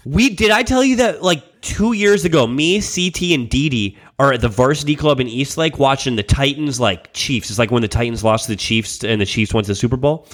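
A man's voice: medium pitch, fairly quick, hardly any pauses. A man telling rambling stories in casual podcast chat, swearing freely and acting out what people said. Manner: rambling storyteller, swears freely, acts out quotes loudly.

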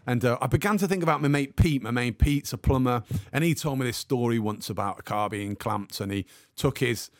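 A man telling a comic anecdote as a podcast guest, acting out the people in his story with lively energy. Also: mid-range voice, fairly quick, few pauses, dry recording, clean studio sound. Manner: animated storyteller, acts out the other people in the story.

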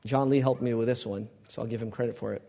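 A man's voice: medium pitch, fairly even intonation, quick pace, gravelly, dark tone. A male pastor preaching a sermon, asking the congregation questions and pressing his points with emphasis.

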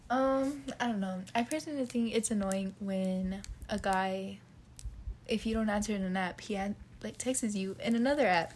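A woman's voice: medium pitch, normal speed, darkish tone. A young woman in casual, joking chat about dating, with lots of fillers.

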